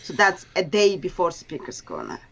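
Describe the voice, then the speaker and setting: A woman being interviewed as a guest, speaking in a halting, earnest way with grammar slips. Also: lowish voice, huge pitch swings, gravelly, fairly bright tone.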